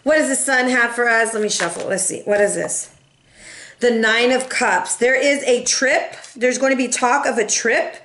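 A chatty woman reads tarot cards for her viewers in a sassy, familiar way, tossing in "boo" and "y'all". Her voice sits fairly high for a woman. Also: moderate pace, fairly bright tone. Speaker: tarot reader. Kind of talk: casual tarot reading.

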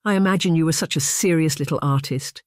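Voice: medium pitch, quick pace, no room sound, clean studio sound, lightly acted. A narrator doing a witty, spirited young lady. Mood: teasing.

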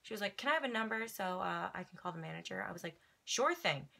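Blunt, bright-voiced young woman from Louisiana. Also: mid-range voice, very fast, vocal fry. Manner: blunt, sassy, outspoken. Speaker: guest, friend of the host. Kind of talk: casual chat, storytelling.

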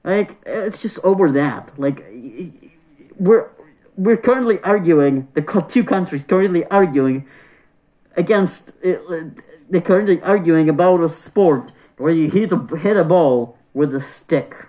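A man's voice: fairly high pitch, expressive, unhurried, warm tone. A man vlogging a casual opinion rant, exasperated and profane, repeating himself as he talks. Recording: dull lo-fi sound.

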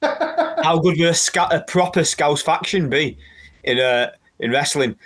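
A man's voice: a little high, measured pace. Swearing, joking man. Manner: lively banter, swears freely, lots of tag questions. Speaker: podcast co-host. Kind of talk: casual chat.

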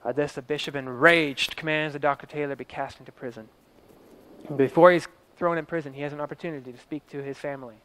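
A man's voice: a little high, steady tone, quick pace, fairly bright tone, smooth. A man telling a story in a vivid present-tense style, swelling and dropping his voice for drama.

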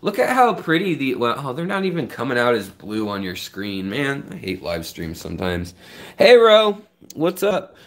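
A man's voice: medium pitch, big pitch swings, normal speed, hardly any pauses, a bit bright. A man casually hosting an aquarium live stream, rambling, telling stories and greeting viewers by name.

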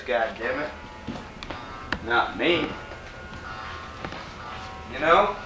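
A man doing an improvised comic rant, swearing constantly and breaking into sudden angry yells. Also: on the high side. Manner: profane, angry outbursts, sudden yelling. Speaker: comedic ranter. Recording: roomy home camcorder sound.

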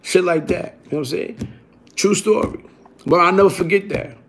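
High-voiced New man telling a story. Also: normal speed, noisy background. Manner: animated, repeats "you heard?", bursts into shouting. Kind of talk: casual profane storytelling.

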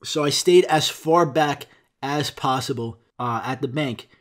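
A man's voice: medium pitch, unhurried. A man hosting a podcast, telling a comic story in a rambling, profane way and acting out the quotes. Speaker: podcast host.

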